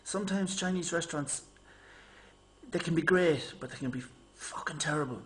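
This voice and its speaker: A man's voice: on the high side, moderate pace. Chatty man rambling to camera. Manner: chatty, animated storytelling, mimics people in raised voice. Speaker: vlogger. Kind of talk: rambling casual monologue.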